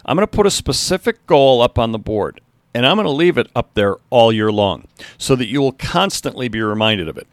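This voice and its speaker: A man voicing a passionate high school basketball coach giving an earnest, rousing pep talk to his team. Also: animated, brisk, dry recording, lightly acted.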